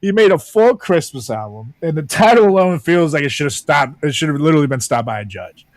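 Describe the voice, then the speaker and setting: A man co-hosting a podcast, with a slightly high voice that keeps breaking into laughter. He riffs loosely in casual chat and swears freely. The mic is close and dry, with no room sound. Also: expressive, a little fast, no echo. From Latin American background. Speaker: podcast co-host.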